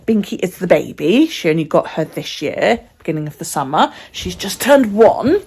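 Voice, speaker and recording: A woman's voice: lowish voice, very animated, moderate pace, darkish tone, breathy edge. A woman vlogging on her phone, rambling casually, sometimes swearing and often dropping to a near whisper. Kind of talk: casual chat. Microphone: phone held by the speaker.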